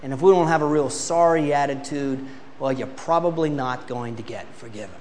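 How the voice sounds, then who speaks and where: A man's voice: medium pitch, normal speed, a little mellow, in a large hall, slight background noise. A man preaching a sermon, asking the congregation to read aloud and acting out excuses in mock voices.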